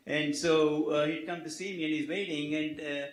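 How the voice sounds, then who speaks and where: A man, a physician, giving conference remarks, halting and full of filler words as he tells a joking story. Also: on the high side, fairly even intonation. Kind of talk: conference speech with a humorous anecdote. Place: conference hall with live audience. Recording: roomy hall echo.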